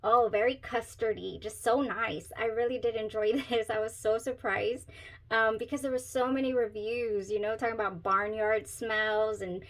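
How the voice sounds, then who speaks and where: A woman's voice: on the high side, steady tone, normal speed, a bit bright, poor audio. A woman hosting a casual perfume review vlog, chatty and giggly, often trailing off into searching asides. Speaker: perfume reviewer, channel host.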